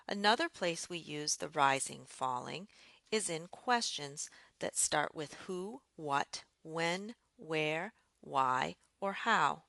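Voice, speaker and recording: A woman teaching English intonation in a slow, clear, deliberate lesson narration. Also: deep voice, bright, forceful tone, no room sound, studio quality.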